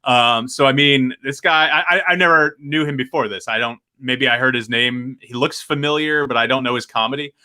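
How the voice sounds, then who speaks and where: A man's voice: medium pitch, fairly quick, few pauses, sharp tone, clear, resonant tone. A man co-hosting a casual review podcast, giving blunt, laid-back opinions. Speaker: podcast co-host.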